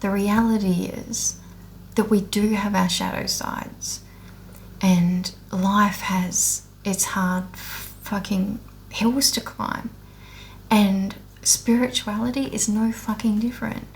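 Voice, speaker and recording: A woman's mid-range, steady voice comes through slowly, with a little hiss or hum in the recording. She rambles candidly about her spiritual awakening, blunt and full of profanity but earnest and emotional, restarting her thoughts.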